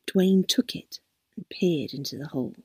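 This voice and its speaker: A woman narrating a story aloud, unhurried and expressive. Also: lowish voice, breathy edge, no echo, clean studio sound.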